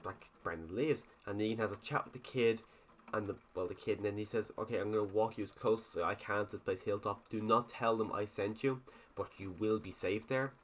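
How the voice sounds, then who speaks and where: A man's voice: fairly even intonation, brisk, a bit bright. Young Irish man recapping a TV episode. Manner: rambling, restarts, quotes characters in a lowered voice. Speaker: TV review vlogger. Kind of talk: casual episode recap and review.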